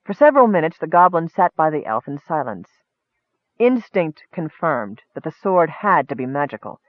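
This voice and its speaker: A man reading a fantasy story aloud in steady narration. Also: on the high side, moderate pace, no echo. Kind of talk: audiobook narration. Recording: tinny phone-like line, dry.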